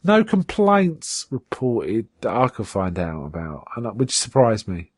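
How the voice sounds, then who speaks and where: A man's voice: lowish voice, a little slow, breathy edge, dry recording, clean studio sound. A man recapping an old TV episode on a podcast, chatty and full of fillers and restarts, with quotes acted out in a raised voice. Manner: animated retelling, acts out quotes in a raised voice. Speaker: podcast co-host. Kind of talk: casual episode recap chat.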